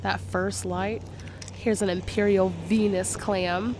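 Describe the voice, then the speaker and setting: A woman with a slightly hoarse sick voice, chatting casually and laughing often as she narrates a beach walk, admiring each find. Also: mid-range voice, flat delivery, takes it slowly, noisy background. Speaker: beach vlogger. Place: outdoors on a beach.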